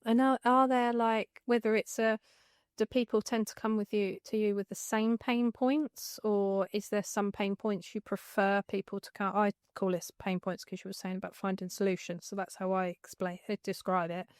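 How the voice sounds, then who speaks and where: A woman hosts a business podcast, her voice sitting at an ordinary middle pitch. She asks chatty, rambling questions full of restarts and personal asides. The recording is dry and close. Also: flat delivery, normal speed, clear, resonant tone, no room sound. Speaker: podcast host. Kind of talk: conversational interview.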